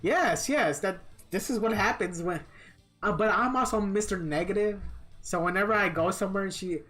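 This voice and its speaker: A woman's voice: medium pitch, normal speed, a bit bright, soft background music. A woman game streamer telling a long, rambling story in blunt, profane, complaining casual chat.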